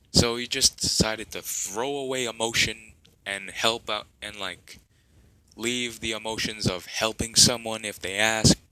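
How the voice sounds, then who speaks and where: Slow, rambling male fan storyteller. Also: on the low side, bright, forceful tone, rough recording. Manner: rambling, many fillers and restarts. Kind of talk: improvised fan story narration.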